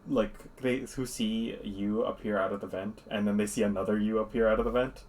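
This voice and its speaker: A man's voice: fairly low pitch, steady tone, a little fast, a little mellow, a little hiss or hum. A man narrating as game master in a tabletop game, loose and rambling, full of fillers.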